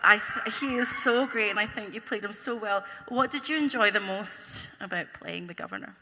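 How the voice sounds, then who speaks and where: A woman's voice: mid-range voice, fairly quick. A woman with a Scottish accent hosting a convention panel on stage, chatty, bubbly and teasing with the crowd. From Scotland. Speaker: panel host. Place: large convention auditorium. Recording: long hall reverb, faint noise.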